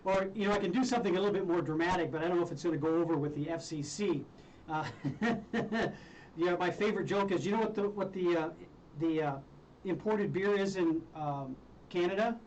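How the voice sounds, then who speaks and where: A man's voice: high voice, brisk, a little mellow, lo-fi sound. Joking, chuckling male radio host. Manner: joking, chuckling, with many fillers and restarts. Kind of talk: casual live radio talk. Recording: somewhat distant mic with faint noise.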